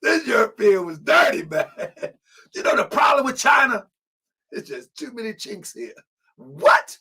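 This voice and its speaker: A man's voice: fairly high pitch, bright, forceful tone, breathy edge. A man hosting an online show, reading aloud and reacting in casual slang with frequent laughter.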